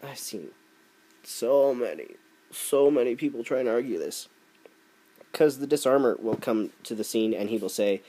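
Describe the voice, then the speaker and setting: A man's voice: mid-range voice, expressive, moderate pace, mellow. A man delivering a sarcastic, ranting opinion commentary. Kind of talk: opinion rant video.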